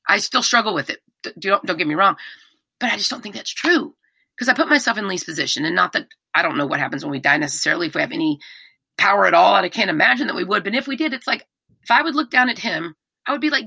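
A woman's voice: medium pitch, fast, gravelly, slightly rough, dry recording. A middle-aged woman, a podcast guest talking candidly and animatedly about hard personal things. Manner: candid, animated, many restarts. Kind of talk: emotional personal conversation.

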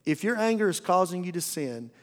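High-voiced male pastor preaching in a hall. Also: very animated, a little fast. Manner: folksy, humorous preaching with repeated restarts. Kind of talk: sermon. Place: church auditorium. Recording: long reverb of a church hall.

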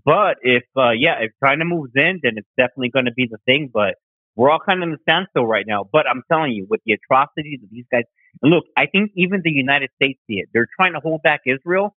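A man's voice: medium pitch, expressive, fast, no room sound. A man calling in to a talk show, ranting in a heated, profane, slangy way. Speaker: caller. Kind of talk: casual phone chat. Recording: tinny phone line.

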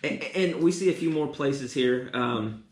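A man's voice: medium pitch, measured pace, roomy sound. A man preaching a teaching sermon, often repeating and restarting words.

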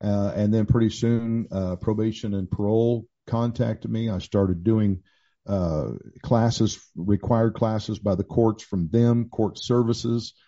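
Speaking slowly in a steady, dark, lowish voice, a man in his sixties who pastors and writes recounts his story candidly. The talk is casual, a conversational testimony full of restarts and fillers, recorded with dull lo-fi sound.

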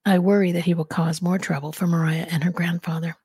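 Mellow-voiced woman reading her novel. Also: on the low side, fairly quick, husky, no room sound, clean studio sound. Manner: calm, even storytelling with spoken dialogue. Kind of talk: audiobook-style reading.

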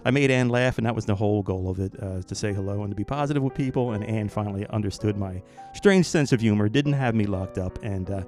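A man hosting a podcast, giving a run of friendly, jokey thank-yous and shout-outs in an upbeat, chatty way. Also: on the low side, fast talker, soft background music. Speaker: podcast host.

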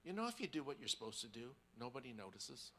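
A man preaching as a guest speaker, telling a personal story. He drops to hushed, near-whispered tones and then rises to emphatic preaching, often repeating words as he goes. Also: medium pitch, sing-song, quick pace, a little hiss or hum.

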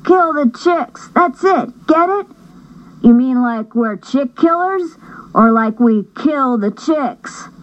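A woman's voice: sits high, lively intonation, dull audio, voice pushed up. A woman voicing two rowdy young brothers trading goofy, teasing jokes. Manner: fast, goofy, teasing banter.

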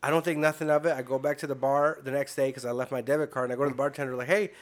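A young man, a podcast guest, telling profane, animated comedic stories in casual chat. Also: medium pitch, rapid-fire.

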